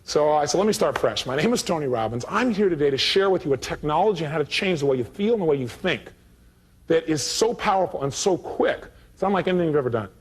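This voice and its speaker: A man telling a story at a live motivational seminar in a rapid, driving delivery. His voice is husky and sits a little high for a man. He animates the tale by acting out both sides of each exchange. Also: lively intonation.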